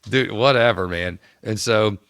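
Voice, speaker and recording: A man's voice: lowish voice, a little slow, fairly bright tone, clean tone, no room sound, clean studio sound. A man co-hosting a podcast, animatedly telling a story, laughing often and acting out quotes. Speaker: podcast co-host. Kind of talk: casual storytelling chat.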